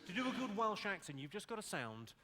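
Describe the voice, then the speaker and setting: Stand-up comedian, lively high voice, echoing hall. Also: male voice, fast talker, heavy background noise. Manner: deadpan joke delivery. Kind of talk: stand-up routine. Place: theatre stage. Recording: live show in a large hall, loud audience.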